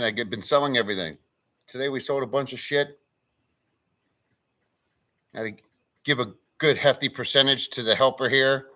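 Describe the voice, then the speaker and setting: A man's voice: mid-range voice, sharp tone. Crude joking man on a live stream. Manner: crude joking, reads chat names aloud. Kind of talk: casual live stream chat. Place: farm pen with a pig.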